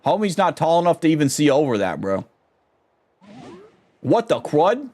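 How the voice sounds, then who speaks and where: Excitable, slangy male streamer. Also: fairly high pitch, moderate pace. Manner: excitable, slangy, laughs a lot. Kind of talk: let's play stream commentary.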